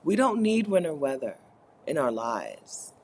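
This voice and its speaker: Her voice is deep and husky, very animated yet a little slow. A Caribbean woman hosting a live co-working stream, she reads out chat messages and banters playfully, laughing often and joking with mock complaints.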